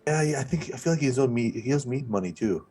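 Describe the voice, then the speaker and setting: A man doing a husky, grumbling prisoner. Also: medium pitch, expressive, quick pace, dark tone. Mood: offhand. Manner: offhand, haggling. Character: grumbling male prisoner owed back wages.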